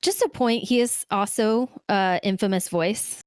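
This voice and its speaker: A woman's voice: mid-range voice, measured pace, a little mellow, clear, resonant tone. A woman co-hosting a podcast, chatting casually about a movie with lots of fillers. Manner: chatty, rambling with many fillers. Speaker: podcast co-host. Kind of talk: casual movie review chat.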